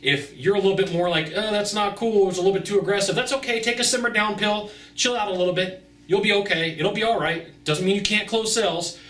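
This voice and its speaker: A man's voice: high-pitched, sharp tone, echoey room, far from the mic. A man giving brash, emphatic sales advice straight to the viewer in a vlog. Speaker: sales consultant. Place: outdoors.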